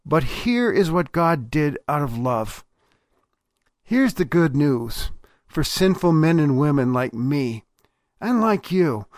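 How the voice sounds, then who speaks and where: Male preacher, high voice, unhurried devotional sermon, dry close sound. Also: no echo. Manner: slow and deliberate, with dramatic dips to a low hush.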